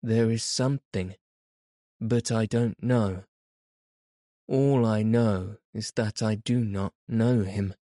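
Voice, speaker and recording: Distraught young woman, insistent, slow and low, read by a male narrator. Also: steady tone, mellow, no echo, studio quality. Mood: distressed. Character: distressed young woman denying she knows him.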